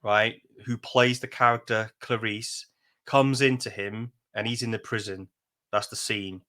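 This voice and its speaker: A man's voice: on the low side, fairly even intonation, measured pace, bright, forceful tone. A man co-hosting a podcast, chatting casually and rambling through retellings with frequent laughs. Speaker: podcast co-host. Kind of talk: casual chat.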